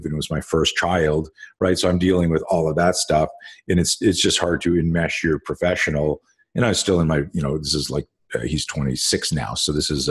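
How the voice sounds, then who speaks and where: A man's voice: rumbling low, slightly rough. A middle-aged man hosting a casual conversation, telling rambling stories full of fillers and restarts and swearing casually. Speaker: host.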